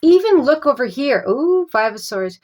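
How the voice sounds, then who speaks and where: Higher-voiced woman, halting tarot reader. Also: sing-song, darkish tone, a little hiss or hum. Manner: searching for words, halting, many fillers; reassuring, repeats soothing phrases. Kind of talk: casual tarot reading monologue.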